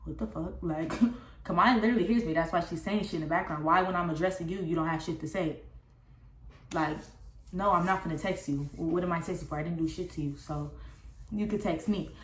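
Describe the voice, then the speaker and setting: A young woman telling a casual storytime vlog, recounting a falling-out in a candid, profane and animated way. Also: on the low side, a little fast, slight background noise. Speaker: vlogger. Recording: roomy echo.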